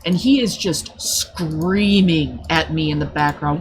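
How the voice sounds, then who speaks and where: A woman livestreamer telling a story in casual chat, blunt and profane, with animated delivery. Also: fairly low pitch, slow pace, slight background noise.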